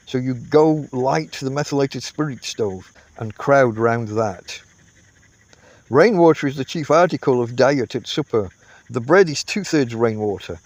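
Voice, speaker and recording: Man reading a classic audiobook. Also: mid-range voice. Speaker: audiobook reader.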